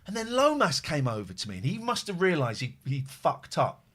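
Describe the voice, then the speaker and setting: A man hosts a casual podcast, cursing his way through heated anecdotes. His voice sits slightly high and swoops widely up and down as he talks. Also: brisk. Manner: animated, heavy swearing, telling angry anecdotes. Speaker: podcast host. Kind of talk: casual chat.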